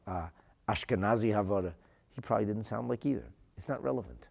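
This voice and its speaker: A man with a low, gravelly voice leads a Talmud lesson. He poses rhetorical questions, reads out Aramaic phrases and translates them. His delivery jumps between hushed asides and loud, emphatic lines. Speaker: Talmud teacher.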